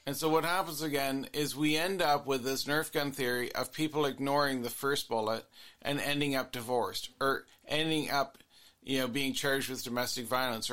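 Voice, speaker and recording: A man's voice: medium pitch, sharp tone. A man, a couples therapist hosting his own show, musing earnestly in a reflective solo monologue that circles back on its points. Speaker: couples therapist and podcast host.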